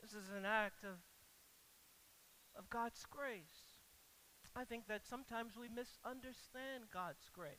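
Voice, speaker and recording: Preacher, sermon delivery; bright, keen tone; builds to loud rhetorical questions, stammers on repeats. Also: medium pitch, takes it slowly, pauses often, a little hiss or hum, rough recording. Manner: rises to loud, emphatic rhetorical questions, then drops quiet; stammers and repeats words when stressing a point.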